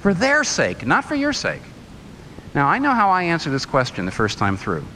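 A man's voice: a little high, wildly swooping pitch, moderate pace, bright, forceful tone, a little hiss or hum, poor audio. A man preaching a sermon, firing rhetorical questions and telling a story.

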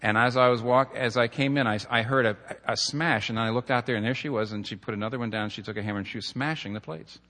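A man's voice: medium pitch, fast, hardly any pauses, sharp tone. A man preaching a sermon in an earnest, storytelling manner, building to emphatic points. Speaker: pastor. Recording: long hall reverb.

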